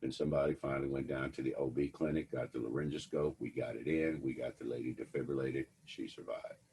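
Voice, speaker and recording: A man's voice: rumbling low, steady tone, fast, warm tone, slight background noise. A man giving a lecture to students, telling a personal story in a wry, conversational way. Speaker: instructor.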